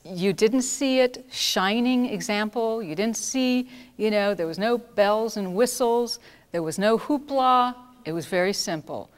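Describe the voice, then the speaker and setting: A woman telling personal stories in an earnest, reflective way, pausing and restarting as she recalls them. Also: a little high. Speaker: speaker recounting volunteer work. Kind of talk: personal storytelling talk. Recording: long hall reverb.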